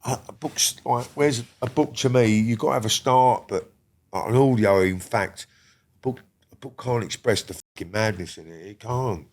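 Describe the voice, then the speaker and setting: A man's voice: medium pitch, normal speed, darkish tone. Older man, blunt and sweary. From England. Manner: blunt, heavy swearing, rambling restarts. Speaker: podcast guest. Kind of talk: casual interview talk.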